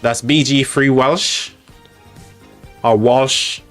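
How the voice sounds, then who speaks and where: A man with an English accent hosting a live stream, chatting casually in a halting way with frequent restarts. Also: mid-range voice, steady tone, a bit bright, soft background music.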